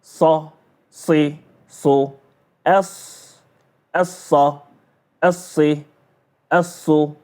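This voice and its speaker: A man's voice: fairly high pitch, steady tone, very slow, long pauses, a little mellow. A man teaching Quran letter sounds, patiently drilling syllables one by one and explaining each point.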